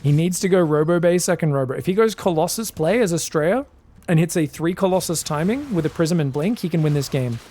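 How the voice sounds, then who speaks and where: A man giving solo commentary on a strategy game match, excitable and chatty, bursting into shouted reactions and talking straight to his viewers. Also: fairly high pitch, brisk. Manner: chatty asides, addresses viewers as guys. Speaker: esports caster.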